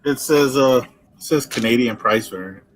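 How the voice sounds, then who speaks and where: A man telling anecdotes in a casual podcast chat, animated and laughing through his stories. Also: mid-range voice, moderate pace, low-quality recording.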